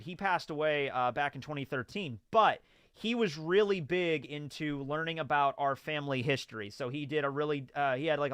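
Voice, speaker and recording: Bright, excitable young man streaming. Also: fairly high pitch, smooth, dry recording, clean studio sound. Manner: excitable and chatty, laughing often. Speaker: streamer host. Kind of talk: casual live stream chat.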